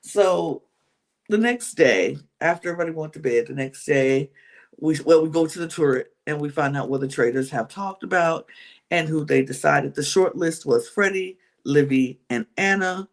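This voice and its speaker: A woman hosting a podcast, recapping a reality show in a chatty, animated way with many restarts. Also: low-pitched, normal speed.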